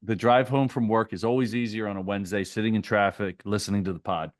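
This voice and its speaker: A man's voice: on the low side, fairly even intonation, fast, no echo, clean studio sound. A man co-hosting a podcast, reading listener mail aloud and chatting casually.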